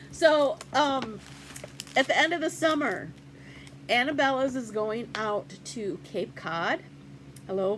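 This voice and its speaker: An older woman hosts a casual cross-stitch vlog, showing off gifts in a chatty, rambling show-and-tell full of fillers. Her voice is a little high, and the poor-quality audio carries slight background noise.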